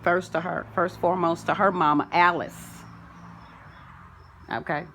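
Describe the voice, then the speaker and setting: A woman's voice: fairly low pitch, steady tone, a little fast, fairly bright tone, slight background noise. A woman vlogging from home, rambling through a preachy spiritual monologue full of folksy sayings.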